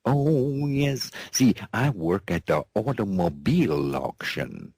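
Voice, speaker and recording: Host, male, deep husky voice, slow folksy drawl, bouncy intonation, comic cowboy patter. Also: sing-song, darkish tone, dry recording. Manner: drawling, repeats "that's right", chuckles between phrases; playful cowboy-style banter with an off-mic partner. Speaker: host of a news and commentary show.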